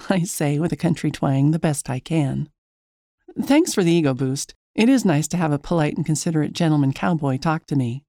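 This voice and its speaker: A woman's voice: low-pitched, fairly quick, mellow, dry recording, clean studio sound. A woman narrating a first-person story in a chatty, wry, self-mocking way.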